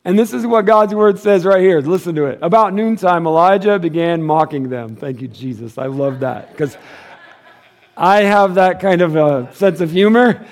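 A man with a notably high-pitched voice preaches to his congregation, swinging between playful jokes and loud bursts of energy. He often sinks to a quiet, earnest hush to drive a point home. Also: normal speed. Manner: animated and joking, then dropping to a hushed earnest tone. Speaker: pastor. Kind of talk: sermon.

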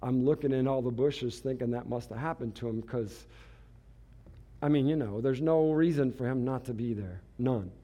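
A man's voice: medium pitch, normal speed, warm tone. A man giving a storytelling sermon as a pastor, chatty and self-mocking, laughing at himself.

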